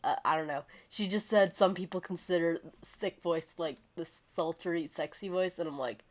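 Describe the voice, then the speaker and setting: A woman streaming a video game, chatting casually in a hoarse voice from a cold, rambling with many fillers and restarts. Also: lowish voice, normal speed. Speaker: gaming streamer. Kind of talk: casual livestream chat. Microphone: streaming microphone.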